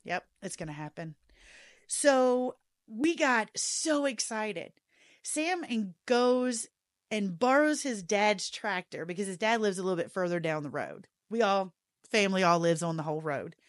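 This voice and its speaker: A woman's voice: mid-range voice, dry recording, studio quality. A woman hosting a podcast, chatting and telling a story with laughter. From rural American South. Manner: chatty, laughing, animated retelling of dialogue. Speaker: podcast host. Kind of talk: casual storytelling monologue.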